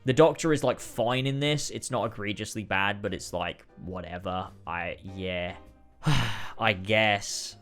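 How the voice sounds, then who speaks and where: Fed up guy ranking episodes, kinda low voice, swears a lot, faint music behind. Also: unhurried, fairly bright tone. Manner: exasperated, frequent swearing and sighs. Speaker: video creator ranking episodes. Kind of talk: casual ranking commentary.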